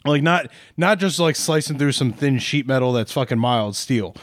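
A man co-hosting a casual podcast, talking in animated, rambling bursts and laughing often. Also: medium pitch, moderate pace, no room sound, studio quality. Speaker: podcast co-host. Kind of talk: casual banter. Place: podcast studio.

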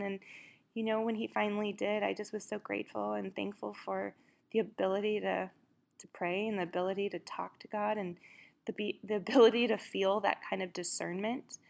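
A woman's voice: medium pitch, creaky. A young mother in a casual devotional talk, speaking earnestly and conversationally with many fillers. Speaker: mother sharing a faith story.

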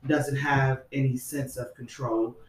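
A man's voice: mid-range voice, flat delivery, measured pace. A man in casual chat, reading out and explaining what a dream means. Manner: explaining, thoughtful. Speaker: podcast co-host. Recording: echoey room with faint noise.

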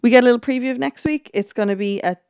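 A woman hosting a podcast, giving a casual, chatty recap of a TV episode and often filling pauses with "look" and "um". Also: fairly high pitch, a little mellow, smooth, no room sound. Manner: chatty retelling full of "look" and "um". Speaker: podcast host.

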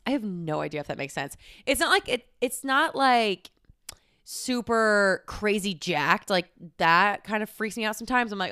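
A woman's voice: fairly low pitch, fairly bright tone, smooth, no room sound, studio quality. A woman in her twenties hosting a podcast, telling a story in a chatty, casual way, swearing freely and saying "like" a lot. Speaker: podcast host.

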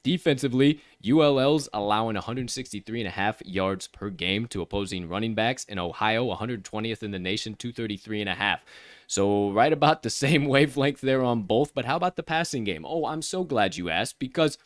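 Brash, hyped-up sports betting host. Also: male voice, expressive, brisk, no room sound, clean studio sound. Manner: hype-filled, swearing, big swings in pitch and volume. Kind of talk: casual sports betting podcast talk.

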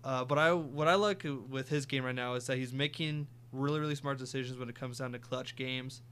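A man's voice: medium pitch, fairly quick, a bit bright, slight background noise. A young man co-hosting a sports podcast, casually reeling off stats and teasing. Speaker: podcast co-host.

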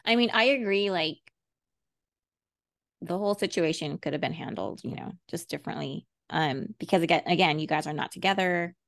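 A woman's voice: fairly low pitch, moderate pace, vocal fry, dry recording, clean studio sound. A woman co-hosting a podcast, chatting casually, supportive and asking probing questions. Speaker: podcast co-host. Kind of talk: casual chat.

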